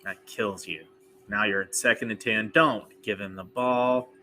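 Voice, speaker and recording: A man's voice: lowish voice, a little slow, slight background noise. A man, a firefighter by trade, watching a football game with a friend and chatting about the plays. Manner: animated, questioning football analysis. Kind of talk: casual sports chat.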